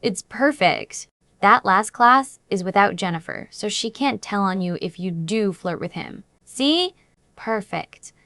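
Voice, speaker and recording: A woman's voice: a little high, animated, normal speed, a bit bright, no echo, voice pushed up. A woman doing a teasing teen girl friend. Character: cheerful teenage girl, teasing best friend.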